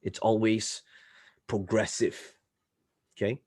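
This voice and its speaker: A man coaching a live online class, often checking in with listeners and swinging between loud and soft delivery. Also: lowish voice, level tone, slow, husky, no echo, studio quality. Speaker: marketing coach.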